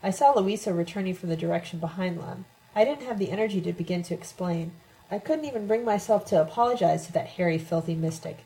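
A woman's voice: lowish voice, quick pace, warm tone, low-quality recording. A woman reading a novel aloud, narrating in the first person with expression. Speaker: audiobook reader. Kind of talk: audiobook narration.

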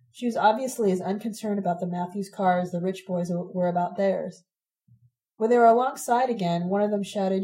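A woman reading a first-person memoir aloud, steady and reflective. Her voice is mellow and warm, set at a middle pitch. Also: normal speed, poor audio. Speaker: audiobook narrator.

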